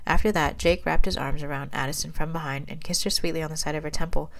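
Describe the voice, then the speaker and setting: Low-voiced woman reading fan fiction aloud. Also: fairly even intonation, quick pace, gravelly. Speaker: reader and writer of fan fiction.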